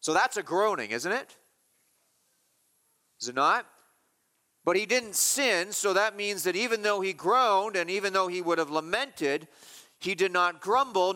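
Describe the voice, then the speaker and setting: A man preaching an expository sermon as a pastor, emphatic and repeating key phrases slowly. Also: sits high, pushed and bright, in a large hall.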